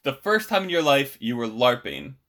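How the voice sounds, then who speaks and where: A man co-hosting a podcast with a voice of ordinary middle pitch. He talks in a rambling, hesitant way, trailing off and circling back through his thoughts. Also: wildly swooping pitch, normal speed, fairly bright tone. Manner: rambling, hesitant, with many restarts and fillers. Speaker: podcast co-host. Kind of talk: casual chat.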